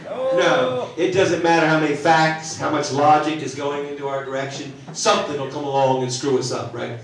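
High-voiced man doing stand-up in an echoey hall. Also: moderate pace. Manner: chatty, self-mocking, teases the audience. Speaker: stand-up comedian. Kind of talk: live stand-up comedy. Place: large theater stage, live. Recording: echoey theater from far off with laughing crowd. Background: audience laughter.

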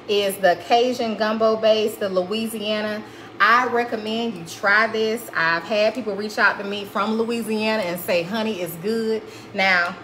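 In her home kitchen, a woman hosts a live cooking demonstration, chatty and folksy, calling viewers honey and y'all. Her fairly high, fairly bright voice comes through a rough recording with a little hiss or hum.

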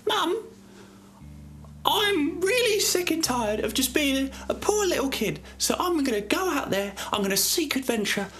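Shrill posh boy, very high and keen. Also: moderate pace, soft background music, exaggerated voice. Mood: determined. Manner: excited, breathless and shrill. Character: posh young boy, poor, eager adventurer.

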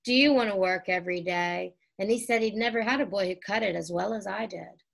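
A woman reading aloud voices a kind, eager older boy from a storybook, giving him a medium-pitched, gravelly sound and a brisk pace. He comes across cheerful and proud, his voice rising on the exciting parts of his news.

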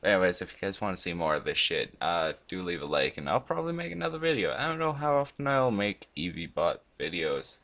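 A man hosting a gaming channel, chatting casually and rambling as he plays, swearing often and breaking into sudden loud outbursts. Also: low voice, sing-song, brisk, hardly any pauses. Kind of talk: casual commentary while playing a chatbot.

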